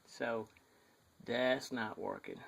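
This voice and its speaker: A man's voice: medium pitch, slow pace, creaky, a bit bright. A man with a thick Southern US accent chatting casually to a handheld camera outdoors, rambling and apologetic with lots of fillers. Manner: self-deprecating, rambling with many fillers. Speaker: model builder showing his work. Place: outdoors near his garage, in sunlight. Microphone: handheld camera, shaky.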